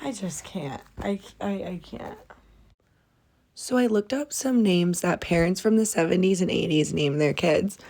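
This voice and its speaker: A young adult woman hosting a casual solo podcast, ranting about odd baby names in an incredulous, animated way, swearing and laughing often. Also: lowish voice, measured pace. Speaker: podcast host.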